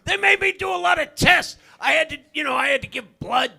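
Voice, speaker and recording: An older man doing a stand-up comedy set in a club, loud and profane, often shouting his punchlines. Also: very high voice, a little fast, creaky. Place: comedy club stage, live audience.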